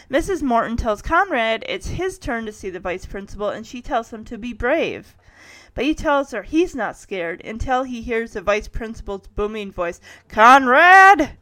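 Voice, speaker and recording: Wry, lively woman recapping episodes. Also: a little high, no echo. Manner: wry personal asides, chuckling while narrating. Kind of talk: casual episode recap narration.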